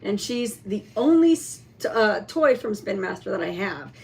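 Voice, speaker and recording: A woman in a casual show-and-tell vlog, chatting about a toy with many fillers and some throat-clearing. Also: mid-range voice, very animated, normal speed, darkish tone, a little hiss or hum. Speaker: vlogger showing a toy.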